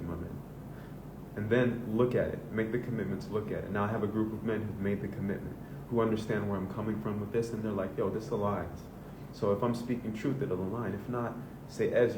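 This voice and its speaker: Caught on a distant mic, this man talks quickly with a fairly even intonation. He's a men's coach from the American South, swearing freely through an earnest, laid-back pep talk, and the room echoes with rumbling noise underneath.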